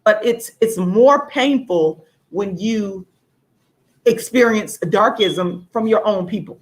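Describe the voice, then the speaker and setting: A woman's voice: mid-range voice, takes it slowly. A woman author and activist, angry and outraged, swearing a lot and repeating her points for emphasis as she rants to viewers on a livestream. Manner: angry, profane and emphatic, repeating lines for force.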